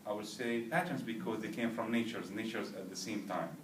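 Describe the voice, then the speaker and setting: A man's voice: fairly low pitch, fairly even intonation, a little fast, a little hiss or hum. A man teaching a language class, drilling students to repeat after him and checking with "right?" and "understood?". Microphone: far camera. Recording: roomy, distant classroom recording.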